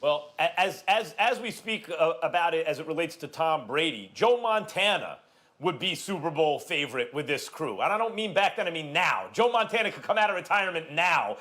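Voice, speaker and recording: A man's voice: fairly high pitch, big pitch swings, normal speed, pushed and bright. A man on a sports debate panel, arguing emphatically and reeling off statistics, with stammered restarts.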